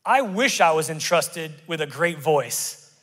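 Animated pastor preaching in reverberant church. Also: male voice, a little high, measured pace. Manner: animated, conversational preaching with sudden loud bursts. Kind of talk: sermon. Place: church sanctuary. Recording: long church-hall reverb.

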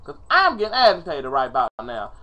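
A man's voice: a little high, wildly swooping pitch, a little fast, sharp tone, lo-fi sound. A man ranting in a casual vlog, dramatic and profane, pleading in exasperation, recorded on a webcam at home. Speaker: vlogger. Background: faint music playing.

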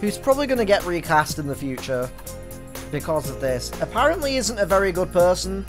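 A man's voice: high-pitched, sing-song, fairly quick, over music. A young man hosting a let's play, chatting in a rambling way that trails off into fillers. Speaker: gaming channel host.

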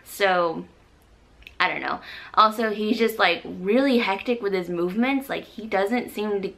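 Young woman vlogger, breathless, rambling chat, bright tone. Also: mid-range voice, measured pace, creaky. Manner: chatty, rambling, many fillers. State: short of breath. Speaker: pregnancy vlogger. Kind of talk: casual chat to camera.

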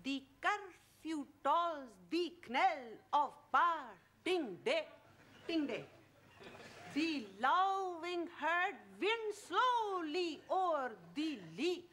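A woman's voice: extremely high pitch, lively intonation, very slow, fairly bright tone, a little hiss or hum, full character voice. A woman voicing an earnest female student reciting a poem in broken English, in a sitcom dub. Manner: broken English, mispronouncing words.

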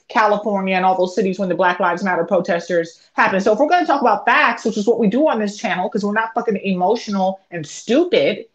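A woman lawyer co-hosting a livestream, talking in a heated, emphatic, profane way. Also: medium pitch. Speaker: co-host and lawyer. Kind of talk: livestream commentary. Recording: dull lo-fi audio.

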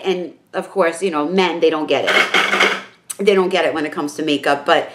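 A woman with a New York accent, a makeup vlogger talking casually to her viewers in an excitable, rambling way full of fillers. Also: lowish voice, normal speed, background noise. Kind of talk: casual chat to camera.

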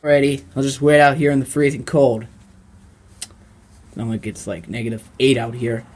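A man voicing an annoyed young male neighbor who talks loudly and casually. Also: mid-range voice, little pitch movement, moderate pace, natural voice. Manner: loud, casual, slangy.

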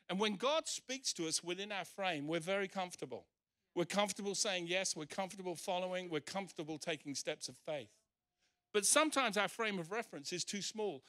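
Forceful bright-voiced male pastor preaching. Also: high voice. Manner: emphatic preaching, acting out scripture quotes. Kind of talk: sermon. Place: church service.

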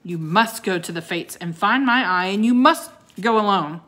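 A woman voicing a gruff, commanding old male ice wizard who bellows and growls. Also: mid-range voice, animated, normal speed, a bit bright, voice pushed up, lightly acted.

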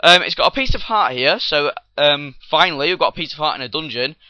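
Excitable rambling young-sounding game commentator. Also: male voice, a little high, fast, no echo. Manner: rambling and excitable, with many fillers and sudden outbursts. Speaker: let's play host. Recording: dull lo-fi recording.

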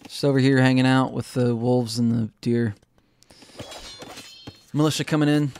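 Man, casual game commentary, gravelly voice, self-mocking, light background hiss. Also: medium pitch, fairly even intonation, normal speed, a little mellow. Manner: chatty, self-mocking, laughs at own jokes. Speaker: game caster.

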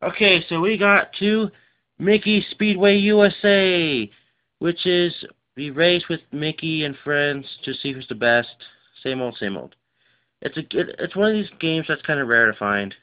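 A tired man rambling casually through his game collection, with lots of fillers and rushed asides. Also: on the high side. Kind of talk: casual unscripted show-and-tell. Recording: dull lo-fi recording.

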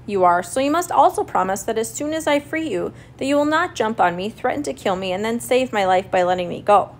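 A woman voicing a clever little male mouse in a storybook reading, calm and crafty as he bargains. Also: a little high, fairly quick, slight background noise. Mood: pleading.

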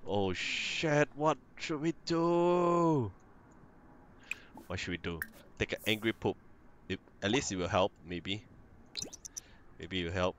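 A man's voice: on the low side, slow pace, long pauses, fairly bright tone, a little hiss or hum. A man hosting a let's play, chatting playfully through casual gameplay commentary and talking to his game characters.

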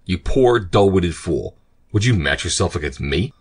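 A man's voice: sits low, expressive, fairly quick, husky, exaggerated voice. A man voicing a cruel, contemptuous male pirate captain in an audiobook, with a taunting manner. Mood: scornful.

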